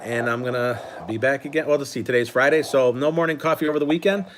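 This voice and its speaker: A man's voice: mid-range voice, fast talker, a little hiss or hum. A man hosting a casual live stream, talking in an easygoing, rambling way with many restarts. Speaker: host and coach. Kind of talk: casual live-stream chat while sorting cards.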